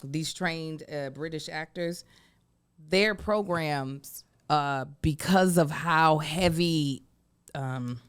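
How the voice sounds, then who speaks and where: Female co-host, low and smooth-toned, precise and explanatory, trained diction. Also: slow. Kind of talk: casual chat.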